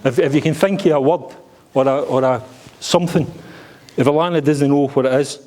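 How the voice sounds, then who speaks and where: A man's voice: a little high, fairly quick, darkish tone. A middle-aged Scottish man giving a joking, blunt father-of-the-bride speech at a wedding reception, swearing freely.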